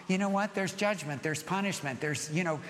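A middle-aged man preaching a sermon as pastor, telling stories in an animated way that swings from soft to loud. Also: high voice, brisk, long reverb tail, slight background noise.

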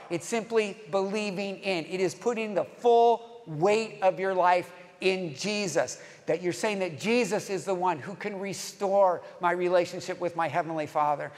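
A man preaching a sermon as a pastor, emphatic, leading the congregation to repeat phrases with him. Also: sits high. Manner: emphatic, leads congregation in call-and-response. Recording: long hall reverb.

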